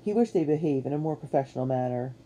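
A woman giving a measured, expressive narration of a children's storybook. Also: extremely low pitch. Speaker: audiobook narrator.

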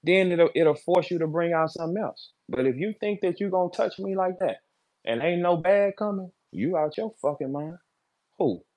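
Fiery, profane battle rapper ranting. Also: male voice, animated, moderate pace. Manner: fiery, profane, repeats short lines, swings from loud to low. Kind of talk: heated Twitter Spaces rant.

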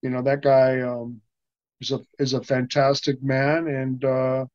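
A man's voice: mid-range voice, little pitch movement, unhurried, darkish tone, dry recording. An older man talks through a long story, with a lot of false starts. He slips into other people's lines as he goes. The sound is dry and a little muffled. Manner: rambling, many restarts, acts out quoted dialogue. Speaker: interview guest, stuntman. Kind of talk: casual anecdotal storytelling.

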